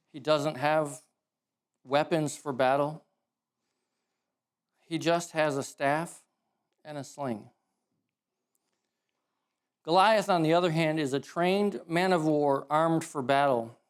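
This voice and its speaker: A man preaching a sermon in a casual, animated storytelling way, correcting himself as he goes. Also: a little high, clean tone. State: emotional.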